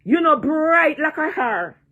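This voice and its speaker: In this vlog, an online personality in her sixties with a Jamaican accent rants, taunts, repeats her jeers and swears without restraint. She speaks slowly in a high register with big pitch swings, and the sound is phone quality.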